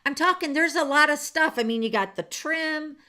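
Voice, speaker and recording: A woman with a high-pitched, sharp voice at normal speed hosts a card-making livestream from her home craft room. Her chat with viewers is casual and rambling, thick with fillers and restarts.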